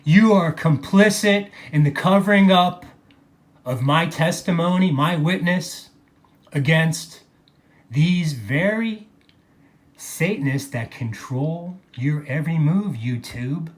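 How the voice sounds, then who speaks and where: A video blogger delivers an angry, profane monologue, mocking people and repeating phrases for emphasis. His voice is on the high side, and he takes it slowly.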